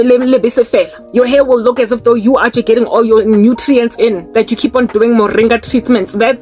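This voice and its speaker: A South African woman with a South African accent, sitting a little high in her range and delivering a fiery, scolding monologue. She sounds impassioned and keeps switching between English and local languages. Soft music plays faintly behind her. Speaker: online preacher and commentator.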